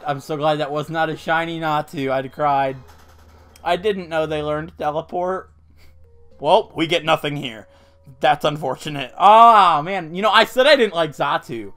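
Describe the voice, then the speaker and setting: Guy doing let's play commentary, kinda high voice, jokey, bouncy pitch, faint music behind. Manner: animated, joking, quick to outbursts. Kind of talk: casual gameplay commentary.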